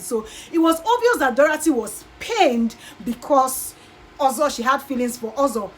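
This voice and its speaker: A woman's voice: sits high, lively intonation, moderate pace, low-quality recording. A Nigerian woman vlogger chatting animatedly as she recaps a show, acting out quotes as she goes. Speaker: YouTube vlogger. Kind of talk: casual gossip recap.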